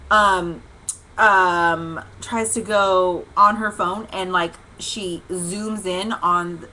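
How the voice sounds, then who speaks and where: A woman hosting a livestream devotional, telling a long casual story in an animated, chatty way, with lots of "like" and "okay" and bursts of laughter. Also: mid-range voice, a little hiss or hum, rough recording. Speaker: host. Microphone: livestream webcam mic.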